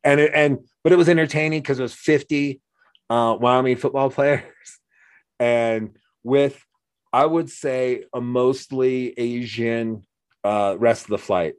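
A man's voice: mid-range voice, steady tone, unhurried, smooth, no room sound, studio quality. An American man chatting casually as a podcast host, a jokey storyteller who acts out the voices he quotes. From United States. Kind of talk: casual conversation.

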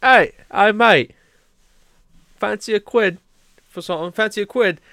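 A man voicing a drunk, pushy English football hooligan who heckles loudly. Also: high-pitched, measured pace, dry recording, clean studio sound, voice pushed up, exaggerated voice. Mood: wheedling.

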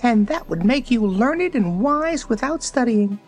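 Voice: medium pitch, expressive, a little slow, faint music behind, pitched above the performer's own voice. A reader voicing a chatty, helpful hen in a storybook reading.

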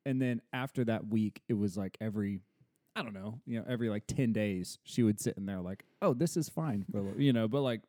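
A man co-hosting a casual podcast, telling animated stories about his toddler and acting out her lines. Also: lowish voice, fast, no room sound, studio quality. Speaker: podcast co-host, father of a toddler.

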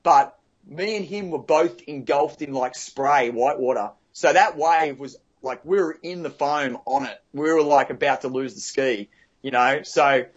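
A man's voice: medium pitch, a little slow, slightly rough, muffled recording. A man, a guest vividly recounting a surf rescue in casual talk, with many restarts and fillers. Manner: vivid, restarts often, fills with "you know" and "like". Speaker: guest telling a surf story. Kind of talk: casual spoken storytelling.

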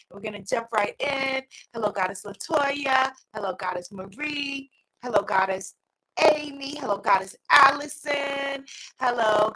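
Middle-aged new york lady hosting a live stream, super bubbly, high voice, little hiss behind her. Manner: exuberant, sing-song greetings, laughs often. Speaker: host. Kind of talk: live-stream inspirational talk.

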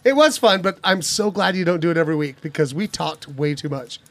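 A man chatting on a podcast panel, loud and animated with mock-boastful shouting. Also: a little high, fairly quick, no echo. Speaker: podcast panelist and pub quiz host. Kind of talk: casual chat.

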